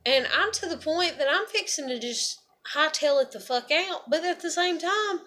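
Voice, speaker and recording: A woman's voice: sits high, expressive, moderate pace, bright, forceful tone. A woman, venting bluntly in a raw, profane, heartfelt monologue. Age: 30s. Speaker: vlogger.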